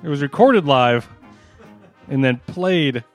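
A man's voice: on the high side, animated, takes it slowly, faint music behind. A man co-hosting a podcast, telling a story in casual chat, rambling and often laughing. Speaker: podcast co-host.

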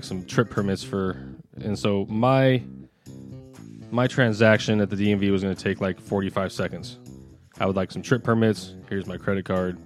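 A man in casual podcast chat, telling a rambling story and laughing mid-story. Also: lowish voice.

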